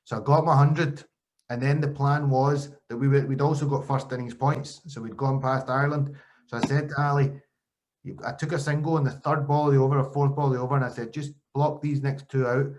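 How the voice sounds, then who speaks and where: A man from Scotland tells his stories in a loose, chatty way and slips into the voices of the people he quotes. His pitch sits in a typical middle range for a man. He talks like a podcast host answering questions about his own past. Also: brisk. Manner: animated storytelling with quoted voices. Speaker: podcast host and former cricketer. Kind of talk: casual interview chat.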